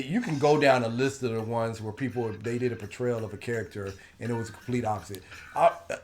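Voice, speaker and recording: An animated man co-hosting a casual comic book talk show. His pitch sits in an ordinary middle range, and he talks in loose slang and repeats his points. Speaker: podcast co-host. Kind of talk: casual debate chat.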